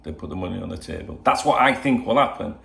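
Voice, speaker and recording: A man's voice: deep voice, expressive, fast talker, vocal fry, a bit bright. An older man from England talking casually to camera at home as a football channel host, rambling with lots of "you know" asides. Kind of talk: casual solo video chat. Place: at home indoors. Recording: roomy home echo.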